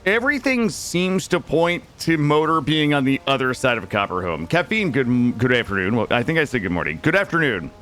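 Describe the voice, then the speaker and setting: Here a gamer with a mid-range voice talks fairly quickly, barely pausing at all. He chats loosely with his viewers as he plays, telling animated stories, cursing freely and calling out chat members by name.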